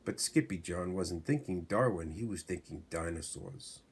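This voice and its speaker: Brief: father reading a picture book at bedtime, lower voice, very slow, faint music behind. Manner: slow, unhurried reading aloud. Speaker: father reading to his son.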